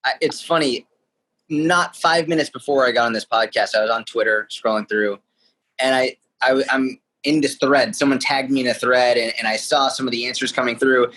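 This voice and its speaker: A young man, a fitness coach answering podcast questions in a candid, animated way. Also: mid-range voice, moderate pace, rough recording. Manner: candid, animated storytelling with asides. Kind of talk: casual interview answers.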